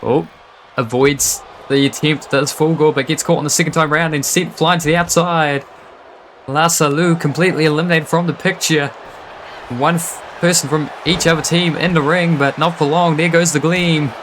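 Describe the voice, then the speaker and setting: Excitable male wrestling commentator. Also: a little high, moderate pace, a little hiss or hum. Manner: excitable, often laughing and exclaiming. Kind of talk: live play-by-play commentary.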